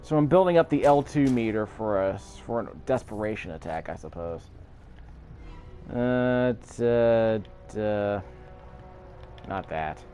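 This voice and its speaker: A man's voice: lowish voice, lively intonation, takes it slowly, pauses often, mellow, soft background music. A man giving casual let's-play commentary, rambling and correcting himself as he chats over the game. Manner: rambling, self-correcting, chatty. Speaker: gameplay commentator.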